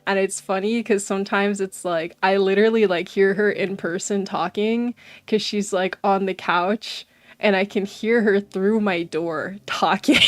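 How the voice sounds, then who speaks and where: A woman's voice: mid-range voice, fairly even intonation, measured pace, dry recording. A young woman streaming, chatting casually and animatedly with her viewers and often saying "bro". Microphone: desk mic.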